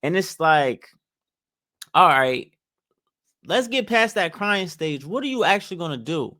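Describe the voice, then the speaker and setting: A young man with a slightly high voice lectures viewers on money, emphatic and preachy, hammering each point by repeating it. The sound is dry and close, with no room echo. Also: very animated, measured pace, sharp tone. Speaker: finance commentator. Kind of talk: opinionated direct-to-camera commentary.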